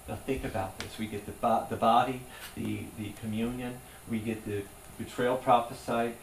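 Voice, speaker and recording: A man's voice: mid-range voice, fairly even intonation, normal speed, a little hiss or hum. Guy preaching, earnest and chatty, sounds far off in an echoey room. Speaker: pastor. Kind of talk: sermon.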